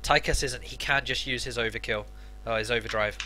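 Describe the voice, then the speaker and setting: A man's voice: medium pitch, steady tone, fairly quick, sharp tone. A man co-casting a live esports match, giving analytical color commentary. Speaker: esports co-caster.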